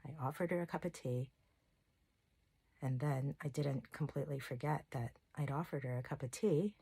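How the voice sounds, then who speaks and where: A woman's voice: low voice, a little mellow, slightly rough, dry recording. A woman talking to camera in a candid, rambling personal vlog, sharing stories with open emotion. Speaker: self-love coach and channel host. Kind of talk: casual personal vlog monologue.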